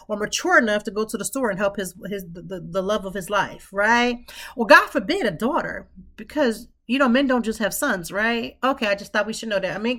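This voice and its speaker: A woman's voice: fairly high pitch, bright, forceful tone. Emphatic, preachy woman podcast host. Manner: emphatic, preachy, repeats phrases for stress. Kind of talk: impassioned talk.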